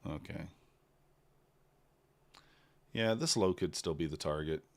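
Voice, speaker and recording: A man giving casual live commentary while trading, thinking out loud in an unhurried, low-key way. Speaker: livestreaming futures trader.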